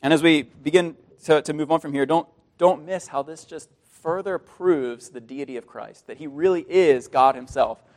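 A man preaching a sermon in an earnest, animated way. His voice sits fairly high for a man. He often repeats a word mid-sentence as he goes. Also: normal speed. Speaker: pastor.

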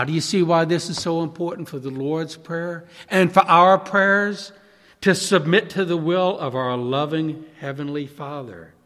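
A male pastor preaching an impassioned sermon, swinging from loud pleading to hushed, soft passages. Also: sits high, long reverb tail.

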